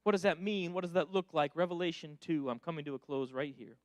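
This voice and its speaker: Man preaching with a high, dry voice. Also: quick pace, no room sound. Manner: swings between loud urgent calls and quiet low-voiced pleading; casual preacher's asides. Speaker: pastor. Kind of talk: sermon.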